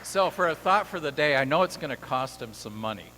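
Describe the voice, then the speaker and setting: A man's voice: fairly high pitch, lively intonation, a little fast, sharp tone, slight background noise, rough recording. Upbeat man chairing a club meeting. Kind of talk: meeting chair, casual and joking.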